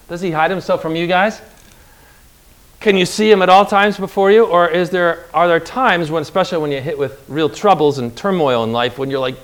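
A man delivering a sermon in a rather high-pitched voice. He talks in a casual, conversational way and keeps asking his listeners questions. His pitch leaps upward whenever he stresses a point. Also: normal speed. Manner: emphatic, voice jumps up on acted pleas. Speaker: preacher.

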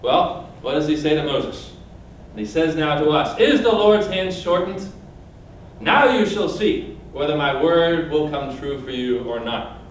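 A man's voice: fairly high pitch, animated, measured pace, a little hiss or hum. A man preaching a sermon, reading scripture aloud and asking his listeners questions directly. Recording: very echoey room from a distance.

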